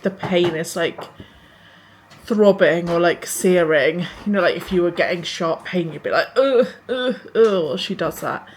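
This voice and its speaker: A young woman, a first-time mum chatting casually through a home vlog in her kitchen and often turning to coo at her baby. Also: lowish voice. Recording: home recording with background noise.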